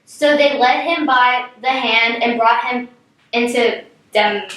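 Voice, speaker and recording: A woman's voice: on the high side, slow, fairly bright tone, far from the mic. Young woman reading scripture in an echoey room. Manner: reads plainly, stumbles on names. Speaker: scripture reader.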